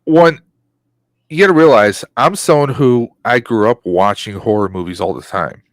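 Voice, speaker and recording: A man's voice: medium pitch, normal speed, no room sound. A man co-hosting a podcast, chatting casually, joking and rambling with plenty of fillers. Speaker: podcast co-host.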